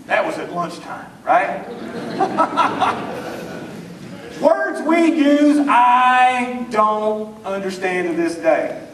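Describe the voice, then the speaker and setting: A man's voice: high voice, lively intonation, extremely slow, pauses often, background noise. A man with a rural Southern US accent, telling folksy, drawling jokes to an audience in a hall. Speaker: speaker. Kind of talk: humorous speech to an audience. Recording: echoey room, mic from far off.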